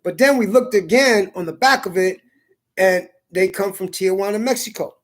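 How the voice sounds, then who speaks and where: A man's voice: high-pitched, normal speed. A man rambling in a casual monologue, cursing often and repeating words as he goes. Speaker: vlogger.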